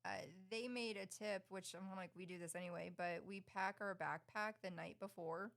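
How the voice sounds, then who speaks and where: Bubbly divorced mom chatting casually. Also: female voice, medium pitch, normal speed, creaky. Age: middle-aged. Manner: bubbly, laughs often, animated retellings. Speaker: podcast co-host. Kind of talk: casual chat.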